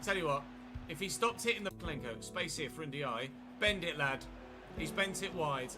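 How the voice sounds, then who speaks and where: Male streamer, fairly high voice, chatty and wry, game music underneath. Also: animated, normal speed. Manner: chatty, wry, replies to live chat. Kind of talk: casual game commentary.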